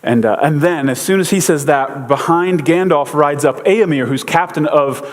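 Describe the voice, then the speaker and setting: A man's voice: fairly high pitch, moderate pace. A man giving a casual sermon, a chatty, joking storyteller with lots of fillers. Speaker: pastor. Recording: long hall reverb.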